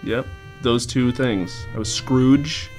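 A man's voice: medium pitch, steady tone, slow, a little mellow, faint music behind. A young man from Pennsylvania co-hosting a college radio show, chatty and laughing often. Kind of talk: casual radio chat.

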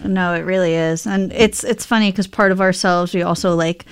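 A woman's voice: fairly low pitch, fairly even intonation, normal speed, smooth. A young woman co-hosting a casual radio chat, talking in a rambling, chatty way full of "like" and self-corrections. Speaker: radio co-host.

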